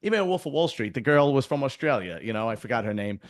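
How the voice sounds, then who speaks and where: A man's voice: mid-range voice, big pitch swings, fast. Opinionated man hosting a chat. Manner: conversational and opinionated. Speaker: host. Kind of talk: casual interview chat.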